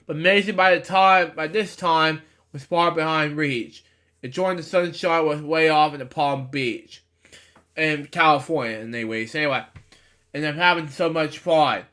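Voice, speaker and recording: A man's voice: on the high side, pushed and bright. A young man reading a children's storybook aloud, stumbling over words and breaking off into rambling asides. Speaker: storybook reader. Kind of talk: casual read-aloud with asides.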